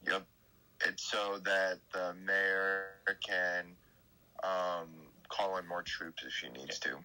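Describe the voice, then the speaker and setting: A man's voice: deep voice, steady tone, slow pace, bright, forceful tone, poor audio. A man dropping into a stream to chat in a laid-back, slangy way. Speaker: guest caller. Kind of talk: casual voice chat.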